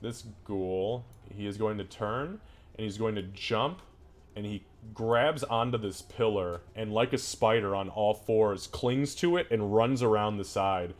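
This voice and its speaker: A man with a somewhat low voice runs a tabletop game as its game master. He narrates in a casual, profane way. The tone stays easygoing as he moves through the action. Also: measured pace.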